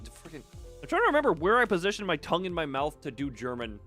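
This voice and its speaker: A man's voice: on the high side, huge pitch swings, fast, a bit bright. A man casually reading a game's dialogue aloud on a stream, joking playfully and often hamming up the lines. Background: game music.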